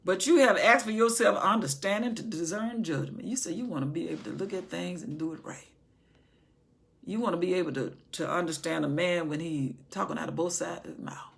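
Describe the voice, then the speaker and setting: A woman voicing God as a soft-spoken, affectionate deity in a hushed voice. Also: fairly low pitch, fairly quick, creaky. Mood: tender. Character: God, tender and fond deity.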